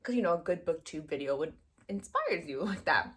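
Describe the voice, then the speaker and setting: A woman's voice: lowish voice, lively intonation, fairly quick. A young woman vlogging about books in a chatty, gushing way, full of fillers and acted-out reactions. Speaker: book vlogger. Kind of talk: casual chat.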